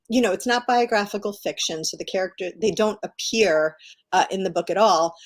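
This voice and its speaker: Speaking at an ordinary middle pitch, a middle-aged woman talks as a guest author on a video call. She tells stories with eager, animated enthusiasm in a casual interview chat.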